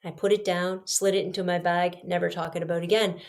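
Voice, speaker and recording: Animated woman telling a personal story. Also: fairly low pitch, fairly quick, creaky. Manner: emphatic, lively, shifts between loud punchy lines and hushed asides. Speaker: podcast host.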